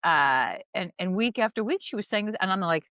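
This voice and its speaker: Rambling, animated woman on a podcast. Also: medium pitch, brisk, no room sound. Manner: rambling and animated, lots of "you know". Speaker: guest comedian and acting teacher. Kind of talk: casual podcast chat.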